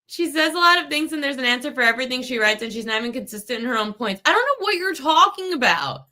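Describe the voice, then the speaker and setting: Woman, podcast host, sports betting talk, heated rant, high pitch. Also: animated, quick pace, pushed and bright. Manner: heated, ranting at a chat commenter. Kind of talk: live-stream betting talk.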